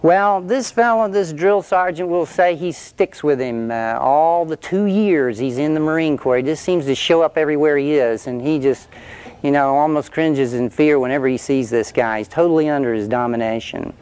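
A man's voice: a little high, moderate pace, a little mellow, clear, resonant tone. Storytelling male preacher. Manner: storytelling with illustrations, conversational. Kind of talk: sermon.

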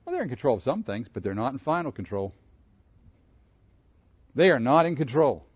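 A man's voice: mid-range voice, very animated, normal speed, slightly rough, no echo, dull audio. A man preaching a sermon, asking his congregation questions and laughing between his points. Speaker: pastor. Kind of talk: interactive sermon.

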